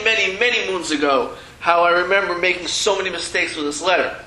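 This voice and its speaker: Teaching a Hebrew reading class before a board, a man talks in a chatty, self-mocking way and keeps restarting sentences. His voice sits high, bright and forceful, and the rough, echoey recording carries a bit of hiss or hum.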